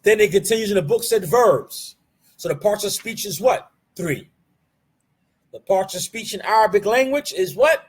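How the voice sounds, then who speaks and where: A man teaches a live online Arabic grammar class, asking questions and answering them himself, slowly drilling key terms, and mixing Arabic terms into his English. His voice is high, expressive, and husky.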